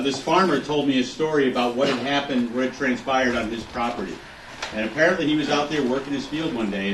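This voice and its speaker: A middle-aged man tells relaxed, funny stories to a room at a fundraiser. His voice sits at an ordinary pitch and echoes around the hall. He is picked up from a distance, with lots of crowd noise behind him. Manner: relaxed, joking storyteller. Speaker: political candidate speaking at a fundraiser. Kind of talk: speech with humorous anecdotes.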